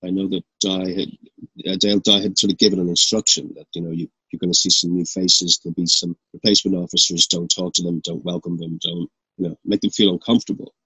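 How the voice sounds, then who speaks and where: A man's voice: sits low, little pitch movement, fast, sharp tone, slightly rough, no echo, rough recording. A man on a panel speaking earnestly and reflectively, with many fillers. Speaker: actor on a panel. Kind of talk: panel discussion.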